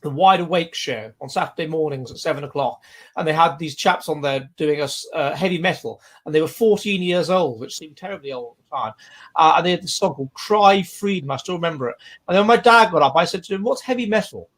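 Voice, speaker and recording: Rambling man with a higher voice. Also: quick pace, fairly bright tone. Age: 40s. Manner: rambling and digressive. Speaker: livestream host. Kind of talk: casual chat reading viewer comments.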